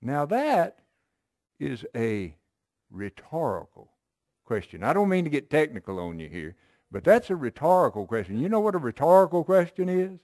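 A man preaches a sermon, reading Bible verses and explaining them emphatically yet conversationally, often checking in with his listeners. His voice is on the high side with a darkish tone and big pitch swings at normal speed. The recording is dry and studio quality.

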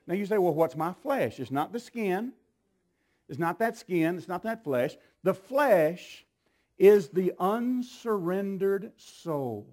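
High-voiced man preaching a lively sermon. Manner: animated preaching, swinging from low and slow to shouted exclamations. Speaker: pastor.

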